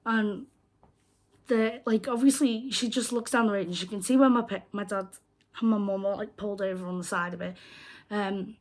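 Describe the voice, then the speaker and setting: A young British woman vlogging, telling a story in a casual, animated way and acting out the people she quotes. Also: medium pitch, moderate pace. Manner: animated retelling, acts out quoted voices. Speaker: crochet vlogger.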